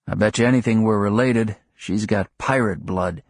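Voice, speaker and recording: A man reading an audiobook, voicing a joking middle-aged clerk husband with sardonic, mock-gruff banter. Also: on the low side, normal speed, dry recording, clean studio sound.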